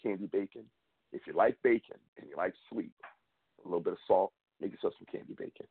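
A man's voice: low-pitched, fast talker, creaky, slightly rough. Fired-up man venting on a tinny line. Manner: animated, repetitive, fired-up venting. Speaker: sports show host. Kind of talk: fan rant and commentary. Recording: tinny phone-like audio.

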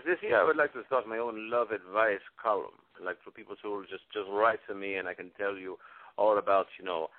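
A man's voice: deep voice, dry recording. Guy doing a smug venezuelan-accented love guru, bragging about himself nonstop, dry phone-line sound. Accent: Venezuelan Spanish. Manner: self-adoring, speaks of himself by name.

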